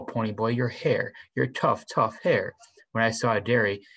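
A man reading a novel aloud in the first person, unhurried, with small restarts. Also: fairly low pitch, fairly bright tone, poor audio. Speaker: reader.

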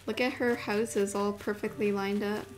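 A young woman streaming a video game, chatting casually and gushing excitedly, dropping to murmurs and rising to squeals. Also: mid-range voice, normal speed, soft background music. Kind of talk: casual live-stream chat while gaming.

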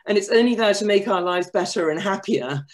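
Animated woman author on a webinar panel. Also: medium pitch, brisk. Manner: animated and self-deprecating, frequent restarts. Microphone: video call.

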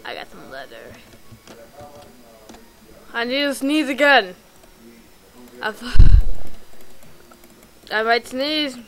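A woman giving rambling, excitable let's play commentary while gaming, full of ums and restarts. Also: high voice, takes it slowly, pauses often, rough recording. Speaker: gamer.

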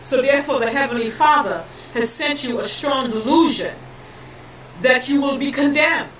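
A high-pitched woman delivers a fervent, preachy monologue, peppering it with fillers and breaking into shouts. She sounds set back from the mic in a roomy, echoing space. A faint hum of noise sits behind her. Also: moderate pace. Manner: preachy and emphatic, heavy "you know" fillers, rising to shouts. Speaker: vlogger. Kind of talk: impassioned religious monologue to camera. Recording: echoey room, voice from a distance, faint background noise.

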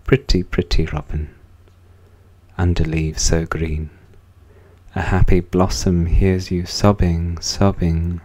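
Slow, deep-voiced man reading poetry. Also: flat delivery, darkish tone. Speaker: poetry reader. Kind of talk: slow, measured poetry recitation.

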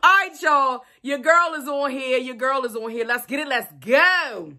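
A woman's voice: sits high, lively intonation, normal speed, bright, forceful tone. A young adult woman, chatting playfully to camera as a vlogger and repeating herself to her viewers. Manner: chatty, playful, talks straight to viewers with lots of repetition. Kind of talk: casual chat to camera.

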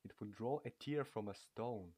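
A man's voice: on the low side, moderate pace, a little mellow, breathy edge. Man reading a young male writing master, boastful, self-assured, storybook. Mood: grandly wooing.

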